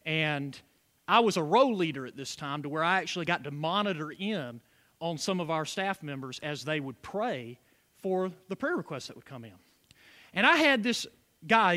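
A man's voice: a little high, bright, forceful tone. A man preaching a sermon as pastor, with call-and-response asides to the congregation.

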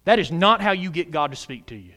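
A man preaching a sermon as pastor of a church, loud and emphatic, using humor and questions to the congregation. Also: animated, fast talker. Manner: loud, emphatic preaching with big pitch swings. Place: church sanctuary.

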